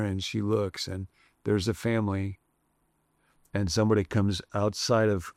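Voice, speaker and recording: A man's voice: lowish voice, creaky, a little mellow, dry recording, clean studio sound. A man preaching a sermon in a conversational, reflective way, shifting his emphasis often. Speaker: pastor.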